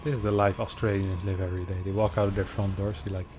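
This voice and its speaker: A man casting a strategy game match in a chatty, joking way, reacting fast to the play. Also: sits low, level tone, noisy background. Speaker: esports caster. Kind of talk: casual game commentary.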